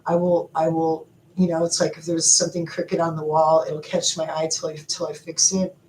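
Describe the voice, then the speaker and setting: A middle-aged woman hosting a live stream, talking to viewers in an animated, emotional and rambling way, often laughing. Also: low-pitched, moderate pace. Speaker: livestream host. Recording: echoey room with faint background noise.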